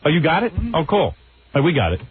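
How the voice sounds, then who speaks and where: A man's voice: fairly high pitch, big pitch swings, fast. A man hosting a radio show, trading jokes and telling stories in casual banter, laughing often. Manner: joking, storytelling, laughs often. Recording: narrow phone-like radio broadcast.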